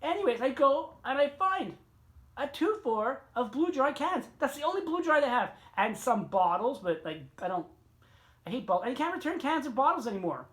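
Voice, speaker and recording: This middle-aged vlogger's rant has a sing-song quality at normal speed. The casual, profane story rambles from tangent to tangent, with his voice leaping without warning to higher pitch and volume, then dropping to a grumble again.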